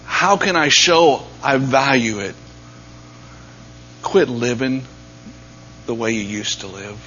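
A man preaching a sermon, dropping to near-whispers and then rising to loud, emphatic peaks. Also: medium pitch, slow pace. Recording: dull lo-fi sound with faint mains hum.

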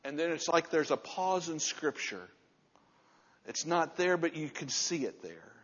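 A man in his sixties preaching a sermon, repeating key words with emphasis and dropping to a soft, low voice to stress a point. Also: big pitch swings, measured pace. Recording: muffled sound with long hall reverb.

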